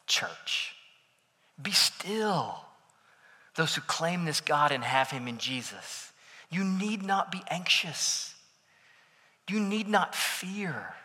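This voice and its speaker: A man preaching a sermon as pastor, swinging between bold declarations and hushed near-whispers. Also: high-pitched, big-room sound. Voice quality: dramatic shifts between loud declaration and soft near-whisper.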